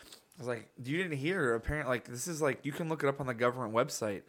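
A young man in casual podcast chat, telling rambling, animated stories full of swearing and laughter. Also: medium pitch, rapid-fire.

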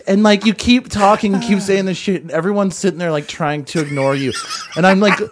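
A man's voice: high voice, brisk, slight background noise. A young man chatting casually, telling a rambling story with plenty of swearing. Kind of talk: casual chat.

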